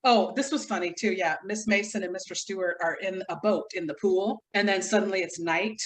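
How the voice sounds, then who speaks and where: A woman co-hosting a podcast in loose, casual chat. She rambles through scene recaps and keeps breaking into giggles. Her pitch sits in a middle register. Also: brisk. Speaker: podcast co-host.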